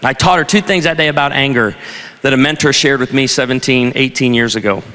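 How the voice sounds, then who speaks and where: Humorous preacher in a reverberant hall. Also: male voice, mid-range voice, a little fast, pushed and bright. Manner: conversational storyteller, wry humor. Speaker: pastor. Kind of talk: sermon with humorous anecdotes. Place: large university auditorium.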